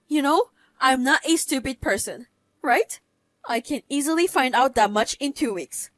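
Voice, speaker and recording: A woman in her thirties tells her story in first person, cool and cutting. Her voice is somewhat high and sounds dry and close. She speaks matter-of-factly. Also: lively intonation, moderate pace, dry recording. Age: 30s. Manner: cold, cutting, matter-of-fact. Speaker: narrator.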